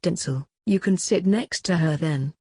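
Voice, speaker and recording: A woman voicing a stern grey-haired male teacher in an amateur audiobook, in a low, husky voice. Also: unhurried, darkish tone, no echo, clean studio sound. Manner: brusque, scolding.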